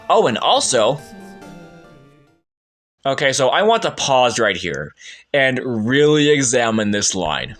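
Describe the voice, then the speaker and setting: A young man giving a scripted, sarcastic commentary review with an exasperated edge. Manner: sarcastic, exasperated, lively swings in pitch. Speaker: video essayist.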